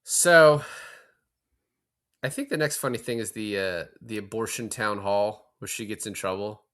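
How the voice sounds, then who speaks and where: A man's voice: fairly low pitch, measured pace, a bit bright. A man co-hosting a podcast, chatting casually about a movie and swearing freely as he retells scenes. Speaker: podcast co-host. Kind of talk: casual film-review chat.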